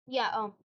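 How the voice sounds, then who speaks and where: Rambling woman host, slightly high voice. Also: a bit bright, slightly rough. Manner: rambling, breaks off into joking asides. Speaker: channel host. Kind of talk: casual storytelling narration. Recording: dull lo-fi recording.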